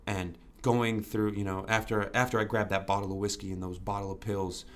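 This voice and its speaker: A man's voice: on the low side, flat delivery, brisk. A man as a podcast guest, talking candidly and earnestly, repeating himself with many "you know"s and casual swearing. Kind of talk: candid interview conversation.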